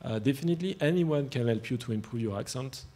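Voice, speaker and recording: A man's voice: mid-range voice, expressive, fast talker, warm tone. A man with a strong French accent, a startup CEO on a panel, speaking earnestly and repeating his points. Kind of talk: panel discussion answer.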